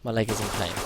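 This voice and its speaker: A man's voice: on the low side, very noisy. A man talking to himself while playing a survival game, swinging from anxious whispered muttering to sudden panicked yelps, often repeating himself. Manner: repeats himself under stress. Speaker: gamer. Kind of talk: live gameplay commentary.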